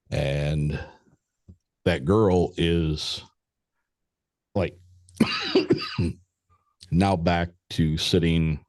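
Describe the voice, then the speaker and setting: A man with a very deep, low voice, recorded close and dry with no room sound. He is a podcast guest telling a story in a loose, candid way. He swears freely and slips into quoted conversations. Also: wildly swooping pitch, very slow, pauses often, a little mellow, dry recording. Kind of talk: casual spoken storytelling.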